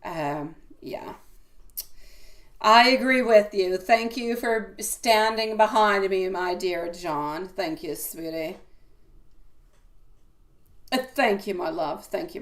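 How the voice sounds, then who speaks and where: A woman hosting a live tarot stream, chatting casually with viewers and calling them sweetie and my love, swinging from loud exclamations to soft asides. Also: mid-range voice.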